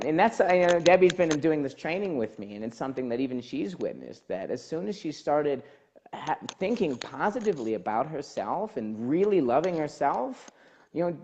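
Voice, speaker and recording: A man hosts a casual podcast talk and speaks as a life coach. His pitch jumps around a lot while he rambles and restarts. The sound is dull and a little lo-fi. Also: a little hiss or hum. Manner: animated, rambling, frequent fillers and restarts. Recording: dull lo-fi audio.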